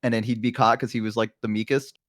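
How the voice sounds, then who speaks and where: A man from the Southern United States, chatting casually on a stream and telling lively stories with acted-out voices and bursts of laughter. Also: mid-range voice, fast, dry recording, clean studio sound. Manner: animated storyteller, bursts into laughter, acts out voices. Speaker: streamer guest. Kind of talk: casual chat.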